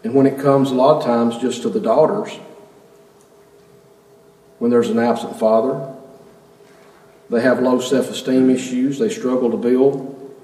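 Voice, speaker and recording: A man's voice: medium pitch, steady tone, measured pace, long pauses, warm tone. A man preaching a sermon in a church, earnestly putting rhetorical questions to the congregation. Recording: echoey hall, mic at a distance.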